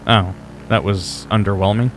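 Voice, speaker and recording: A male game streamer with a fairly low voice talks casually through his live gameplay. He answers his chat with wry, offhand remarks and mild curses. A faint hum sits under his voice. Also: fairly even intonation, moderate pace.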